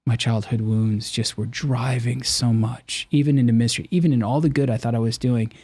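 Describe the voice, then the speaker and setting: A man's voice: mid-range voice, steady tone, a little fast, a little mellow, slightly rough, dry recording. A middle-aged man speaking earnestly and with animation as a podcast guest, telling personal stories and acting out the voices he quotes. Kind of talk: candid personal storytelling.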